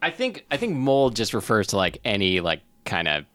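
A man co-hosting a comedy podcast, chatting playfully and tossing in quick jokes. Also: lowish voice, wildly swooping pitch, fairly bright tone, dry recording. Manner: playful, quick quips and laughs. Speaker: podcast co-host. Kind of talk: casual comedic chat.

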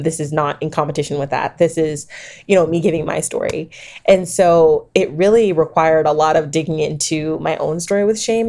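A woman author in her thirties, telling her story in a lively interview, acting out quotes and laughing often. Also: low voice. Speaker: author and guest.

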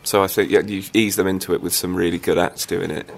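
A man, a comedian guest, talking in a dry, measured way in casual chat. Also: low-pitched, little pitch movement, creaky.

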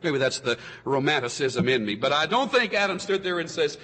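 A man preaching in a church sanctuary with a high, bright voice. His delivery swings from soaring exclamations to hushed asides, with a very lively pitch. Long reverb from the hall trails each phrase. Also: brisk, few pauses, a little hiss or hum. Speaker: pastor. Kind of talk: sermon.

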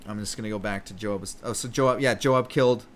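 A man's voice: on the low side, steady tone, fairly quick. A man hosting a comedy podcast, chatting casually and rambling with lots of swearing and restarts. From Canada. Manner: profane, rambling, self-interrupting. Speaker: podcast host. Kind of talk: casual comedic Bible commentary.

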